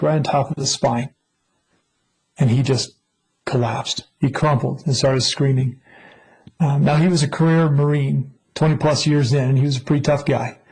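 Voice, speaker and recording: Husky-voiced man telling a rescue story. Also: mid-range voice, darkish tone, rough recording. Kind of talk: personal testimony talk.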